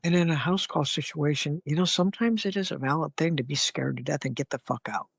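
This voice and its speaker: Animated male therapist guest. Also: fairly high pitch, fast, vocal fry, slightly rough, no room sound. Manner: animated, acts out angry scenarios with profanity. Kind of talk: conversational interview.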